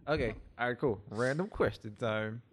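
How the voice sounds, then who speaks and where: A man's voice: mid-range voice, normal speed. A man hosting a casual group chat, laughing often and keeping things moving. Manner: laughs often, upbeat filler words. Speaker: host. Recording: roomy hall reverb.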